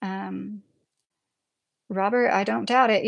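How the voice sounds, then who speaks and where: A woman with a Midwestern accent talks in a loose, rambling way as she hosts a livestream. She sits at a mid pitch for a woman, answers chat messages as they come, and laughs easily between her thoughts. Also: a little slow, vocal fry. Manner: chatty and rambling, laughs often. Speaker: livestream host reading chat.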